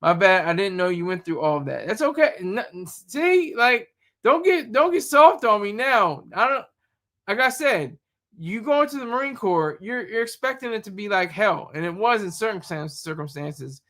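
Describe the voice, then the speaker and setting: A man's voice: sits high, animated, moderate pace, bright, forceful tone. A man streaming live, chatting casually and rambling, often repeating words as he reacts to chat. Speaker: YouTube streamer.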